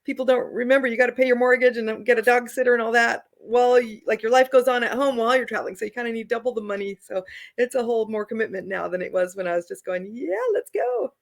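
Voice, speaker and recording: A woman's voice: a little high, fairly even intonation, quick pace. A middle-aged woman, an author and traveler, telling stories in a casual interview, chatty and laughing often as she acts out the people she quotes.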